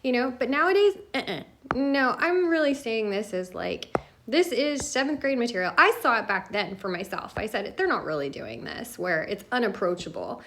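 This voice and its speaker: A woman's voice: a little high, lively intonation, moderate pace, fairly bright tone, slight background noise. A woman hosting a casual solo coffee talk on education, chatty and emphatic, laughing between points.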